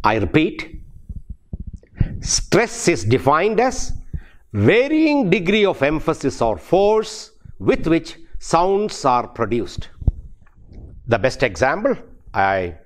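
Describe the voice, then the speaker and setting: Slow, lively-pitched Indian lecturer. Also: male voice. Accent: Indian English. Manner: slow, deliberate, repeats definitions for emphasis. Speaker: university English lecturer. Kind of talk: recorded classroom lecture.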